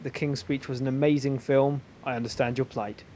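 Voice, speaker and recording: A man hosting a casual group podcast, rambling and joking between quick asides. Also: medium pitch, flat delivery, mellow, slight background noise. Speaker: podcast host.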